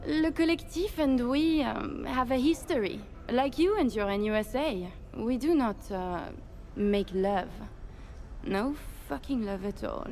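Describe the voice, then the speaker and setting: A woman's voice: a little high, animated, a little slow, warm tone, a little hiss or hum. A blunt Frenchwoman. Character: blunt, defiant Frenchwoman with a crude edge. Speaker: video game character.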